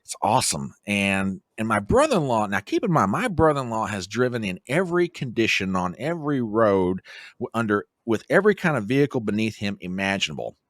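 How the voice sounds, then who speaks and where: A man's voice: lowish voice, a little fast, dry recording, clean studio sound. A middle-aged American man telling a long travel story on a podcast and acting out the quotes. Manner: animated storyteller who acts out quotes. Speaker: podcast guest. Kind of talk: casual storytelling.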